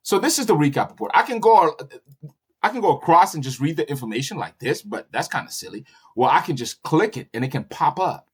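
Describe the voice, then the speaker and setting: A man walking through his business software on a screen share, talking in an animated, salesy way with frequent "okay?" check-ins and restarts. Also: fairly high pitch, a little fast, breathy edge. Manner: restarts and repeats words often. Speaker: broker trainer and business owner.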